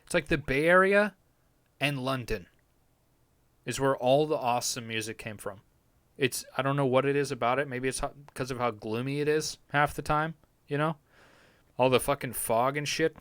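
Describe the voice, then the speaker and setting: A man's voice: medium pitch, moderate pace, a bit bright, clean tone, dry recording. A young man chatting casually on a live stream from his home basement, rambling and swearing often in a laid-back way.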